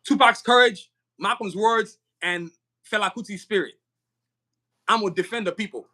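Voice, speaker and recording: High, bright-voiced animated man. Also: moderate pace. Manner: animated, emphatic, laughs often, repeats words. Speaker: podcast guest. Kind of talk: casual podcast conversation.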